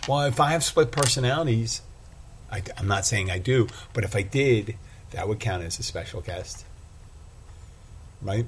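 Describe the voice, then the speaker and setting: A man's voice: fairly low pitch, moderate pace, slight background noise. A man hosting a casual solo podcast, rambling and self-deprecating as he talks. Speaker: podcast host and bartender.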